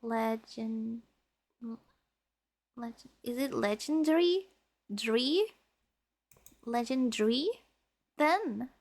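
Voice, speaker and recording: A young woman chats through a story game on stream, playful and a bit dramatic as she teases her viewers. Her voice sits slightly high with a gravelly texture. She talks at a slow, unhurried pace. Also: expressive. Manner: playful, dramatic, teasing with chat. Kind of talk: casual game stream chatter.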